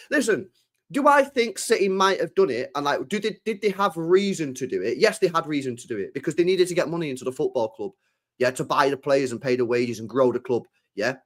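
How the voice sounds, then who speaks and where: A young man, hosting a podcast in a casual, swearing rant full of rhetorical questions. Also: fairly high pitch. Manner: animated, swears a lot, fires rhetorical questions. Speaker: podcast host.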